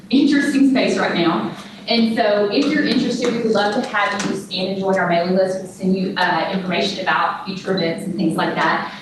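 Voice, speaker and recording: Woman, Texan accent, conference speaker, lively storytelling, distant echoey room, background noise. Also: mid-range voice. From Texas. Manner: animated storytelling, acts out dialogue. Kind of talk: presentation with audience Q&A. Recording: echoey room from far off, noisy.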